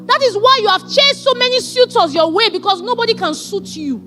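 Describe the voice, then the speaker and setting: High-voiced woman preaching. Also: fairly quick, faint music behind. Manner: animated, emphatic storytelling. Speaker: pastor. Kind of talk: sermon.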